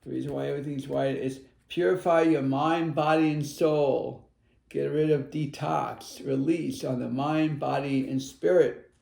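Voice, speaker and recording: A man's voice: on the high side, fairly even intonation, unhurried, gravelly, darkish tone, echoey room. A middle-aged man giving a tarot card reading as a spiritual advisor, speaking earnestly and wandering between thoughts. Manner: earnest and meandering, with acted-out inner voices.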